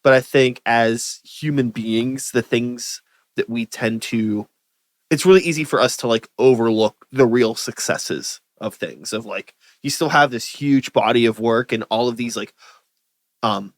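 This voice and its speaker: A man's voice: medium pitch, a little slow, no room sound. A man with a Pittsburgh accent hosting a podcast, talking things over in a reflective, rambling way. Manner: reflective, rambling, heavy use of like. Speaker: podcast host. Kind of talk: casual interview chat. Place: podcast studio.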